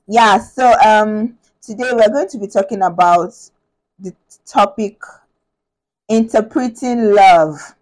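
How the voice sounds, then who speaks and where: A woman's voice: mid-range voice, takes it slowly, darkish tone, low-quality recording. A woman from Nigeria hosting a podcast in casual chat. She is bubbly, laughs often and thinks aloud with many restarts. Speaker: podcast host.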